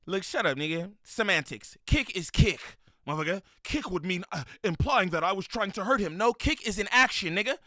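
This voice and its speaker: A man with a high, bright, sharp voice heckles and mocks in a loud reaction commentary. The sound is dry and close, with no room around it. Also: expressive, a little fast, hardly any pauses, no room sound.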